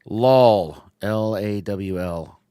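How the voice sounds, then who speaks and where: Wry, low-voiced man, dry close sound. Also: drawn-out words, mellow, clean tone, no echo. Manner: wry, teasing. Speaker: podcast co-host. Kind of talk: casual chat.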